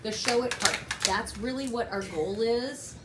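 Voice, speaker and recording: A woman's voice: a little slow, a bit bright. A woman dog trainer explaining each step of a training session while coaxing a puppy. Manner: explains steps while coaxing a puppy, jumping to high praise. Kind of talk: instructional training demonstration. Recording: roomy and noisy.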